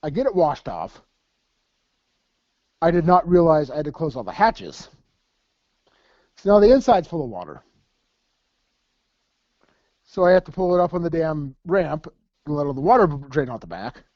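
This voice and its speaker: A man's voice: on the high side, big pitch swings, normal speed, long pauses, darkish tone, no room sound, dull audio. A man co-hosting a podcast, telling crude, laughing, profanity-laced army stories in casual chat. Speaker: podcast co-host. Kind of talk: casual storytelling.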